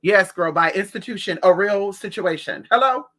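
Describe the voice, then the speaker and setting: Sassy woman chatting on a livestream. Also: normal speed. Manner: sassy, animated storytelling with big pitch jumps when quoting people. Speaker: livestream host. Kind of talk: casual livestream chat.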